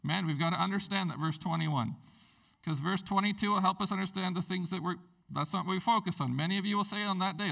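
A tired man preaching a sermon in an animated, rambling way, jumping up in pitch to stress his points. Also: fast, vocal fry, far from the mic, poor audio. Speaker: pastor.

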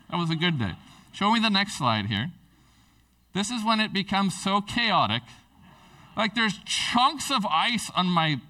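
A man preaching a sermon with earnest, lively storytelling, often restarting his sentences. His voice sits a little high and has a bright edge. It is caught from some distance off the mic. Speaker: pastor.

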